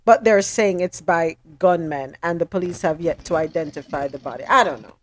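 A woman's voice: on the low side, normal speed. A woman hosting a news recap show, reading headlines and then commenting in a chatty way. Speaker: host.

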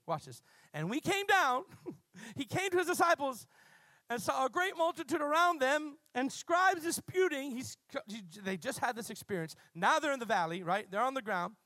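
Man, pastor, high-pitched, passionate sermon, calls for the congregation to repeat words, dry sound. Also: dry recording. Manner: passionate preaching, swinging from loud bursts to low quiet asides.

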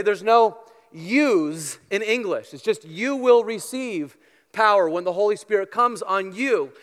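A man preaching a sermon to his congregation, earnest and emphatic, with playful asides, swinging between loud stressed lines and quiet ones. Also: very high voice, smooth, long reverb tail. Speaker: pastor. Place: church sanctuary with congregation.

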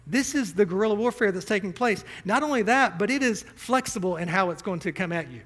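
High-voiced male preacher. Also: lively intonation, fairly quick, fairly bright tone. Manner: preaching with rising emphasis and rhetorical questions. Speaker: pastor. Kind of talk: sermon.

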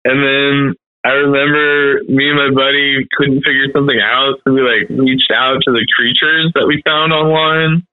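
A man's voice: medium pitch, flat delivery, moderate pace, hardly any pauses, dry recording. Casual male talker, rambling and laid-back, dry tinny phone-like sound. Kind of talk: casual chat.

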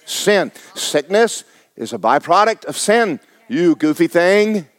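A man's voice: high-pitched, very animated, slow, dry recording. A man preaching a sermon, folksy and fiery, repeating phrases for emphasis. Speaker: pastor.

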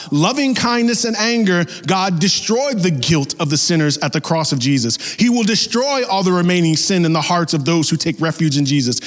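A man preaching a sermon as pastor, talking in a lively, conversational way with acted-out asides. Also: fairly high pitch, in a large hall.

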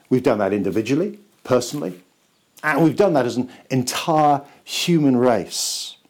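Man preaching a slow, emphatic sermon. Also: mid-range voice, darkish tone. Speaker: pastor.

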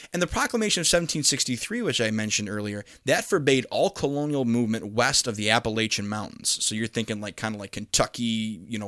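A man explains history in a relaxed lecture, stumbling over fillers and restarts and then punching key points with emphasis. His voice sits at an ordinary middle pitch. The recording is dry and close, with no room sound. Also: no echo. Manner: conversational, many fillers and restarts, lively emphasis. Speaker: history teacher. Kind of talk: casual lecture.

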